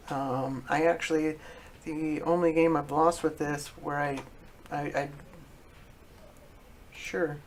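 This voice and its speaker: A man streaming a card game, talking casually to himself as he plays, halting often with fillers and self-corrections. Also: a little high, level tone, a little hiss or hum. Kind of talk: casual thinking-aloud commentary.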